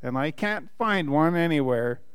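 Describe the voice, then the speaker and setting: A man's voice: on the high side, expressive, measured pace, clean tone, dry recording. A man voicing a lonely young bear who wants a hug, in an eager, wistful storybook voice. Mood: pleading. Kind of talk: reading a picture book aloud.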